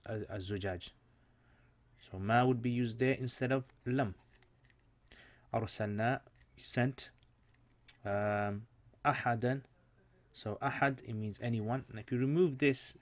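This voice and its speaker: Brief: male teacher, mid-pitched, unhurried explanations, pauses and restarts often. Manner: explanatory, pausing with fillers. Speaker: Islamic studies teacher. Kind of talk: informal recorded lesson.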